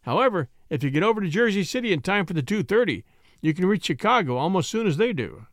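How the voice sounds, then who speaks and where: A cool city gentleman in a storybook speaks briskly and with easy confidence, as a male narrator puts him on, his voice lively and a little high. The sound is close and dry. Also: no echo. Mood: assured. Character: suave New York gentleman, cool and self-assured.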